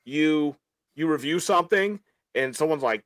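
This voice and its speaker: A man hosting a casual podcast chat, rambling through an animated, opinionated rant with many restarts. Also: mid-range voice, normal speed, no room sound. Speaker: podcast host.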